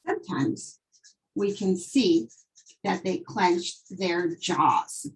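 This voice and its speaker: Woman teacher, husky voice, slow and deliberate, vocabulary lesson, acts out feelings. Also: medium pitch, animated, rough recording. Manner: acts out emotions with dramatic quoted lines.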